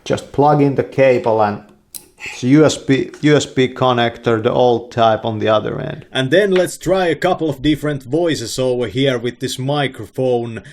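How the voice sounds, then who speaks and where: A man casually explaining and demonstrating a microphone in a product video. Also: mid-range voice. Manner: slow, relaxed, plainly explaining.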